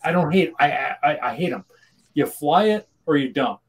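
His pitch leans high and his intonation is lively as this Minnesotan podcast co-host talks at a normal speed, his voice a bit rough. The conversation is loose and meandering, full of false starts and self-corrections.

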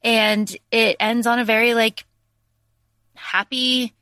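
Bright-voiced woman recapping a book. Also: fairly high pitch, slow pace, no echo. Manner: animated recap, lots of fillers. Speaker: podcast co-host. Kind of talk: casual book podcast chat.

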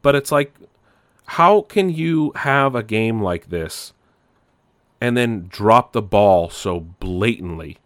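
A man with a lowish voice talks through a game review in a loose, ranting way. He gets exasperated, swears freely and trips over his own sentences. The sound is dry and close, with no room around it. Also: dry recording. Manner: exasperated, swears a lot, many restarts.

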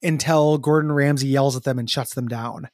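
A man's voice: mid-range voice, fairly even intonation, moderate pace, a little mellow, dry recording, clean studio sound. A man co-hosting a casual chat, joking crudely and laughing often. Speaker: podcast co-host.

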